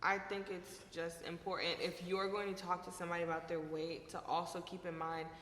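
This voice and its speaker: A woman's voice: fairly low pitch, little pitch movement, brisk, fairly bright tone, slight background noise. A young woman co-hosting a casual podcast chat, speaking earnestly from her own experience. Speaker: podcast co-host. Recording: echoey room with long reverb.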